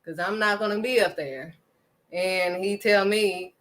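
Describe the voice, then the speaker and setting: A woman's voice: medium pitch, a little slow, fairly bright tone. A woman giving an impassioned faith talk to her viewers, emphatic and preachy, driving points home with a firm "period.". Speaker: faith vlogger.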